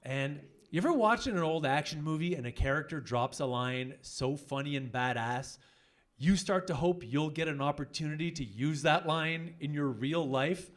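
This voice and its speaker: A man in his forties from French-speaking Canada doing a stand-up set on stage, animated and switching into loud voices for punchlines. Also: fairly high pitch. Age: 40s. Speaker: stand-up comedian. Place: comedy club stage with audience.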